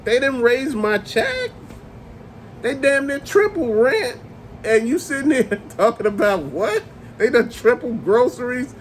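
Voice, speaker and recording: High-voiced man ranting, cursing freely. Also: very animated, a little slow, a little hiss or hum. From Chicago area. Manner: profane, exasperated ranting. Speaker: host of a toy rant channel. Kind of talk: casual ranting monologue.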